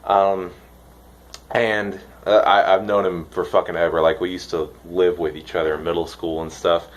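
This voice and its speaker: A young man from the United States rambling excitedly in a casual vlog, swearing now and then. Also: sits low, normal speed. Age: young adult. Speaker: vlogger reviewing dip.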